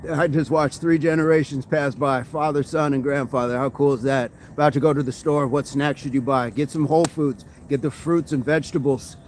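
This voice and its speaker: A man's voice: medium pitch, fairly even intonation, a little fast, hardly any pauses, darkish tone, slight background noise. A man hosting a casual fitness livestream outdoors, upbeat, reading viewer comments aloud and answering them between exercise sets. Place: outdoors by a street with passing traffic. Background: passing vehicles and street ambience.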